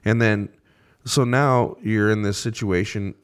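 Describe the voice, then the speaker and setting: A man with a very deep voice talks on a podcast. He explains things earnestly and at length in a casual tone, swearing now and then. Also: steady tone, a little slow, smooth. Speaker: podcast co-host. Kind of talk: casual chat.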